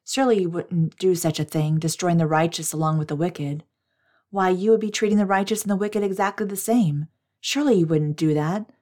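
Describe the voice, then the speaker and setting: An older man pleads and bargains with God, humble and earnest, as a woman reads him in an audio scripture reading. The voice stays lowish and even, close to a plain reading tone. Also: a little fast, lightly acted. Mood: pleading.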